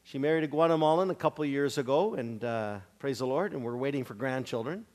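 A middle-aged man preaching in church, telling testimony stories in an animated way and laughing often. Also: mid-range voice, fast talker. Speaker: visiting preacher. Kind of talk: sermon sharing testimonies.

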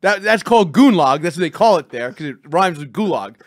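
A man hosting a comedy podcast, joking and teasing his co-host in a deadpan way. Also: on the high side, a little fast, dry recording.

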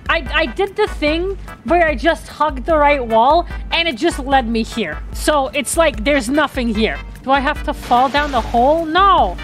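A woman streamer comments on her game with a very high voice and drawn-out, slow phrasing. She is excitable and swears, half talking to herself. Music plays clearly behind her. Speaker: gaming streamer.

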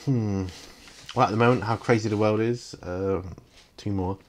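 A man with a lowish voice, hosting a solo question-and-answer vlog. He reads out numbered questions and answers them himself, casual and reflective, pausing to think. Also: fairly even intonation, slight background noise. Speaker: channel host.

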